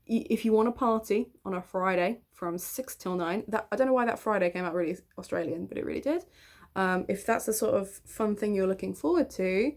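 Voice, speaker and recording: A woman in her twenties chatting in a get-ready-with-me vlog, self-mocking and quick to laugh, talking to the camera at home. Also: mid-range voice, darkish tone. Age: 20s. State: hair still wet. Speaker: vlogger and author.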